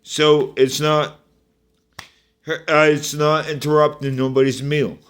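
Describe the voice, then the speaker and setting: A man's voice: a little high, flat delivery, takes it slowly, fairly bright tone, clear, resonant tone. A man giving a rambling, profane personal rant in a vlog, often restarting and speaking directly to the people he is angry at.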